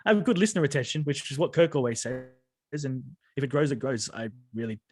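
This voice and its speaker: A man talking fast and casually as a podcast guest, swearing freely and laughing often. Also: medium pitch, animated, darkish tone. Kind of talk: casual chat.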